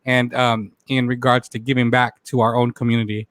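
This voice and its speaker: A man hosting a casual live-stream talk show, animated, greeting viewers by name and laughing often. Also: mid-range voice, brisk, no room sound.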